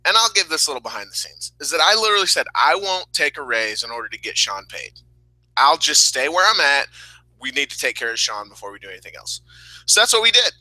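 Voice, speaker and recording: A man's voice: on the high side, big pitch swings, fast, pushed and bright, no room sound, low-quality recording. A man co-hosting a casual wrestling review podcast, rambling and candid, sometimes emotional. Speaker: podcast co-host.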